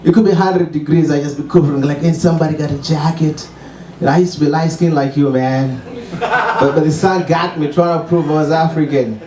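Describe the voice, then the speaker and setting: A man's voice: fairly high pitch, fairly quick, background noise. A man from Zimbabwe with a Zimbabwean accent, doing a wry, self-mocking stand-up set and chuckling at his own jokes. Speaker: stand-up comedian. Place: small comedy open mic venue. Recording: echoey room, distant mic.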